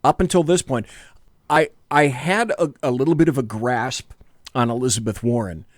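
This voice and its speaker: A man's voice: mid-range voice, moderate pace, no room sound. A man co-hosting a casual political talk show from a small studio, rambling and jokey, often correcting himself. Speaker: podcast co-host.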